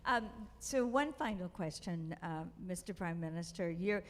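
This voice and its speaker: A woman moderating a panel who asks questions in a measured, hesitant way, in a reverberant hall with faint background noise. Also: lowish voice, lively intonation.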